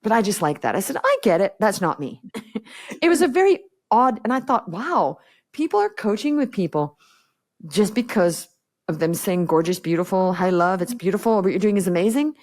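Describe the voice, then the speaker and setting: A woman's voice: mid-range voice, very animated, moderate pace, a little mellow. A woman business coach speaking bluntly and directly as a podcast guest, acting out the exchanges she quotes. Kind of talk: podcast interview conversation.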